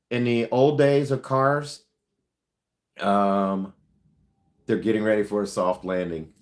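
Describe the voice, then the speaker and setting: Rambling car salesman on a livestream. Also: mid-range voice. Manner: rambling, many ums and uhs; frank, advice-giving. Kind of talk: casual livestream chat answering viewer questions.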